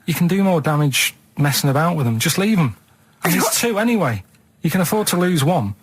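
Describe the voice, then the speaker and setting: Man, 30s, slightly raised pitch, blunt, plain-spoken, stubborn, studio chat. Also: big pitch swings, brisk, slightly rough, no room sound. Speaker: radio show regular. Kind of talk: casual radio chat. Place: radio studio.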